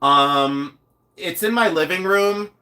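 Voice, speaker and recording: A middle-aged man hosting a live stream, chatting to viewers and showing off jewelry in an animated, rambling way with many asides. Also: sits high, slow pace, clean tone.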